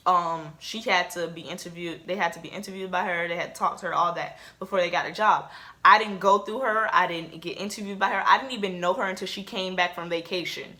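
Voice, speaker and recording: A woman's voice: on the low side, a little fast, sharp tone. A woman in her late teens telling a casual storytime to her camera, chatty and full of fillers. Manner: chatty, with many "like"s and "um"s. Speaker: vlogger.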